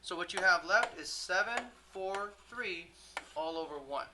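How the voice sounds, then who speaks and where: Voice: medium pitch, expressive, measured pace, noisy background. A math teacher giving a classroom lecture, who keeps checking in with the class, poses questions and corrects their own slips.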